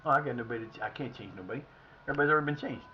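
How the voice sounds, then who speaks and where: A man's voice: medium pitch, rapid-fire, lo-fi sound, a little hiss or hum. A man streaming a football management game, commenting live and venting at his players and the referee. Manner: frustrated, swearing, talking at his players and the referee.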